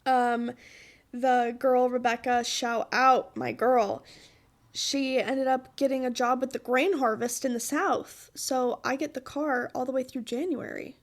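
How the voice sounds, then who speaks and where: High-voiced woman, slow and emotional. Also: steady tone. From Utah. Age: 20s. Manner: emotional, laughing through tears; pleading, earnest. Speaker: podcast host. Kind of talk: personal monologue.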